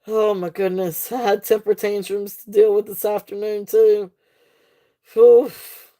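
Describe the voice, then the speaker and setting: A woman's voice: medium pitch, level tone, unhurried, mellow. A woman hosting a casual live jewelry sale, chatty and laughing often, with many fillers and restarts. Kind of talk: casual live-stream sales chat.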